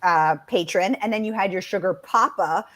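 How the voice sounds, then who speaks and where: A woman author answering interview questions, animated and chatty, with many fillers. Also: medium pitch, normal speed. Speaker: author, guest.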